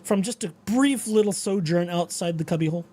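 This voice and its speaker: A man's voice: sits high, a little fast. A man hosting a casual talk show, rambling about his dreams and reading out legal updates. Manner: rambling, animated quoting of dreams. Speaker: podcast host.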